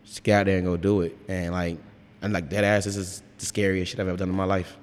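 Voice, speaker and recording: Low-voiced man in a reverberant brewery. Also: level tone, fast. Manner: rambling, frank, swears freely. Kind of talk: casual interview chat.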